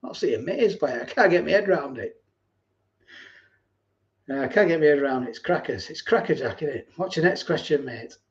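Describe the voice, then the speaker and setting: A man hosting a casual live stream, reading viewer comments and thanking them by name, sometimes dropping into low asides. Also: animated, fast, pauses often, lo-fi sound. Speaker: host of a food channel live stream.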